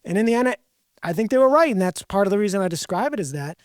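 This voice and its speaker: A man's voice: sits high, animated, rapid-fire, no echo, studio quality. A man hosting a podcast, talking candidly in a rambling, self-deprecating way. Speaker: podcast host. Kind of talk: casual podcast conversation.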